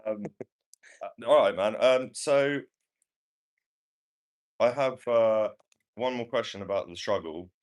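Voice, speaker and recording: A man's voice: on the low side, takes it slowly, long pauses. A man hosting a podcast, asking questions in a laid-back way with lots of "um" and "uh". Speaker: podcast host. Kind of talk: casual interview questions.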